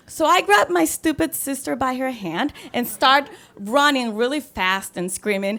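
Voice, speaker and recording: Young woman, telling a funny true story at a stage mic, kinda high voice, acts out the voices. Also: a little slow, hardly any pauses. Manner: animated, wry and self-mocking, acting out the voices. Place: theatre stage.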